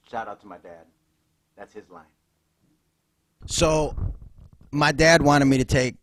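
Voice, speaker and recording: A comedian from Chicago, USA, guests on a podcast, spinning loose, profane, rambling, punchy stories in casual comic fashion. His voice is fairly low, with no room sound.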